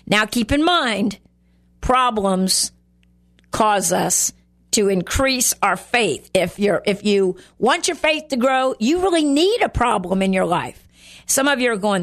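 A woman's voice: mid-range voice, animated, slow pace. A woman teaching a Bible lesson on her show in an earnest, conversational way, acting out the lines she quotes. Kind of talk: sermon.

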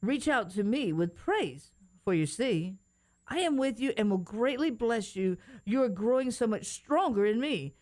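Woman co-host, bubbly, excitable, lively swooping voice, slightly high. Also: unhurried. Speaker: radio co-host. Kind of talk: reading a prophetic word and chatting. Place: radio studio.

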